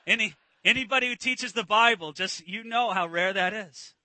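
A man preaches a sermon with lively energy, acting out the voices of the people in his story. His voice sits very high and sounds strikingly bright and sharp. The sound is dry and close, with no room echo. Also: normal speed. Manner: animated, acts out disciples' voices, restarts. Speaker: pastor.

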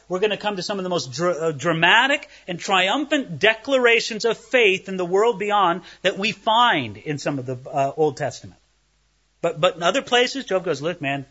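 A man's voice: high-pitched, pushed and bright. A man preaching an expository Bible sermon, emphatic and dramatizing the scripture passages he teaches. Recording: dull lo-fi recording.

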